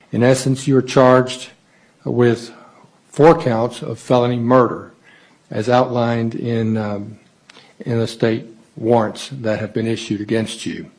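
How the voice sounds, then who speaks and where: A man presiding as judge reads out charges in a formal courtroom manner. His delivery is deliberate, with small hesitations, at an ordinary mid pitch. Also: darkish tone, poor audio.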